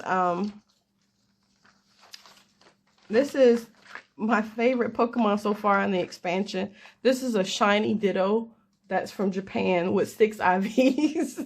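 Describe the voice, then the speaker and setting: A young adult woman telling a rambling, casual story with self-deprecating laughs. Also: mid-range voice. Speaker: crafter and gamer.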